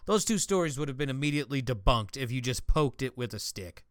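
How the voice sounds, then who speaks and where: A man's voice: mid-range voice, expressive, brisk, no echo, studio quality. A young man hosting a casual podcast, reading news headlines and joking crudely between them. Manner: crude joking, reads headlines aloud with asides. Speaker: podcast host.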